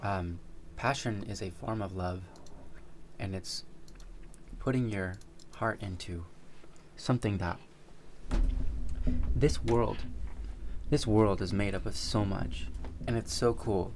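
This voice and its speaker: A man co-hosting a livestream in casual chat, soft-spoken and rambling. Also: on the low side, takes it slowly, long pauses, slight background noise. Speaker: co-host streamer.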